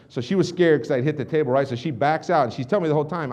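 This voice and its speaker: Fast-talking, intense male motivational speaker. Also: fairly high pitch. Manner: intense, swings from hushed to shouting. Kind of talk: energetic storytelling speech.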